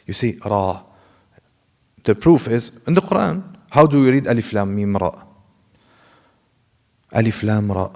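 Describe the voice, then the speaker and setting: A man's voice: on the low side, expressive, a little slow, vocal fry, long pauses, a little mellow, long reverb tail. A man teaching a classroom lecture, explaining carefully, demonstrating sounds himself and asking the class rhetorical questions. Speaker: Quran recitation teacher. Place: mosque classroom.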